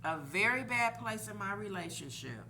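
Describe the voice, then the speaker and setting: A woman's voice: medium pitch, animated, moderate pace, sharp tone, a little hiss or hum. A woman in her forties, a podcast host telling a personal story candidly and animatedly, laughing now and then.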